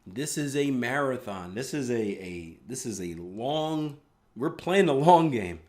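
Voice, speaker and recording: A man's voice: medium pitch, lively intonation, unhurried, a little mellow. Chatty man talking through market charts. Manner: casual, chatty, rambling asides. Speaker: trading room host. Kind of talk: live market analysis.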